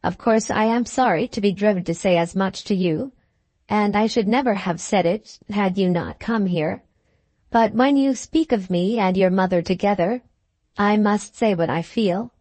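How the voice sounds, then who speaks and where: A woman reading the part of a resolute young Victorian woman in an audiobook, measured and firm. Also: medium pitch, a little mellow, no echo, close to an everyday voice.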